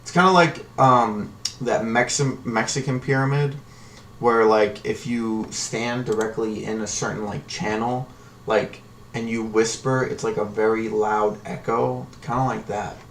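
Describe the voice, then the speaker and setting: A man's voice: on the low side, fairly even intonation, a little slow, a bit bright. A man hosting a live trading stream, talking casually and ramblingly in a slangy way. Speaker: livestream stock trading host. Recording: distant from the mic with faint noise.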